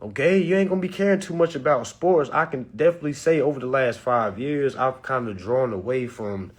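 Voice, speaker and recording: A man talking casually to his live-stream viewers, animated and preachy, full of slang, swinging between loud and soft. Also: medium pitch, fairly quick, slightly rough. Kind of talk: casual motivational talk to viewers.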